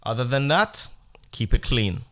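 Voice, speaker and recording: A man's voice: mid-range voice, lively intonation, a little slow, sharp tone. Male comedy podcast host, rambling storyteller, profane and mock-earnest.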